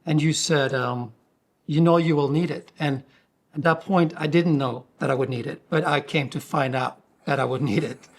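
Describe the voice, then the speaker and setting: A man's voice: fairly high pitch, normal speed. A man hosting a podcast, recounting a personal story in a heartfelt, grateful way. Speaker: podcast host.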